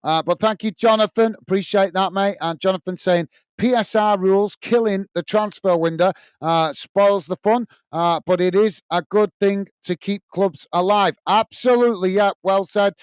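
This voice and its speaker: Male British livestream host, chatty, lots of fillers; higher voice, clear tone. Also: fairly even intonation, moderate pace, no room sound. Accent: British English. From United Kingdom. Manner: chatty, many fillers and restarts, friendly asides to viewers. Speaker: host of a football fan livestream. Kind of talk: casual live chat reading viewer comments.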